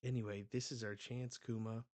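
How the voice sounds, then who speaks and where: A man hosting a casual live reaction to a comic chapter. He sounds excitable and slangy, and often breaks off mid-phrase. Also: medium pitch, normal speed, no room sound. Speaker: manga reaction host.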